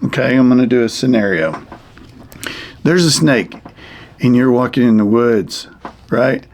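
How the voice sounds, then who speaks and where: A man demonstrates a survival tool for a young audience in a loose, rambling way, circling back with plenty of fillers. His mid-pitched voice carries a gravelly texture throughout. He keeps a folksy, homespun manner as he explains. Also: animated, a little slow, darkish tone, slight background noise. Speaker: wilderness survival teacher. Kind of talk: casual how-to demonstration for kids.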